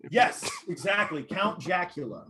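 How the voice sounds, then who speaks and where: Man, actor, lively voice, slightly high, self-mocking anecdote, video call. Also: unhurried, background noise. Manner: animated storyteller, self-mocking. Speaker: cast member, actor. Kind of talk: casual video call chat.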